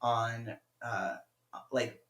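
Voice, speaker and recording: A man's voice: medium pitch, steady tone, fairly bright tone. A young man co-hosting a podcast, chatting casually and teasing his co-host. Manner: quick teasing interjections, laughs often. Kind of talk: casual chat. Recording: roomy echo.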